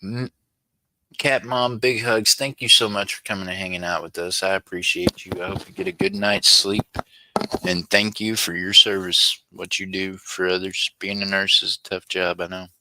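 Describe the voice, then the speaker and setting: A man's voice: low voice, steady tone, moderate pace, background noise. A man hosting a casual live stream, chatting with viewers by name in rambling, joking, slangy banter and laughing often. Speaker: livestream host.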